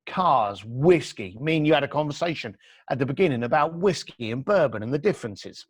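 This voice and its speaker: A man's voice: medium pitch, animated, a little fast, husky, no room sound, clean studio sound. A man being interviewed on a podcast, telling stories and giving blunt advice while acting out quoted dialogue. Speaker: entrepreneur guest. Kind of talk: animated storytelling advice.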